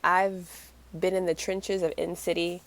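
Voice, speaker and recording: A woman co-hosting a casual chat podcast, a teasing, lively storyteller. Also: fairly low pitch, slow pace. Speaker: podcast co-host.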